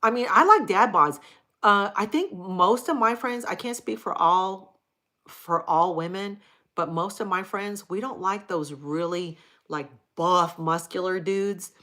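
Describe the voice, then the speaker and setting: A woman's voice: medium pitch, measured pace, bright, forceful tone. A middle-aged woman hosting a casual livestream, chatting frankly and with profanity while reading viewer comments aloud. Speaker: livestream host.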